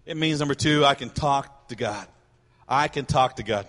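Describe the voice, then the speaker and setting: A middle-aged man preaching a sermon as a pastor, animated and quick to act out the voices of people he describes. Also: mid-range voice, big-room sound.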